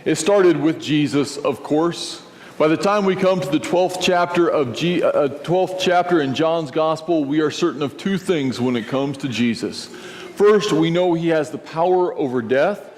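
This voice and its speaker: Male pastor, storytelling sermon, fairly high voice, long church reverb. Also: moderate pace. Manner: storytelling, acts out scenes, lively shifts in pitch. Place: church sanctuary.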